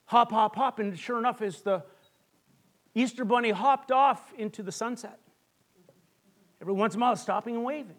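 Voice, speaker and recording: High-voiced pastor telling a story. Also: male voice. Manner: dramatic storytelling with long pauses, dropping to a hush. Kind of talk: sermon.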